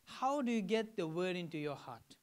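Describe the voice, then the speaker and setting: A man's voice: high-pitched, lively intonation, moderate pace, clean tone. A man from Fiji preaching a sermon to a congregation, teaching in a conversational way and often checking in with questions. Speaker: pastor.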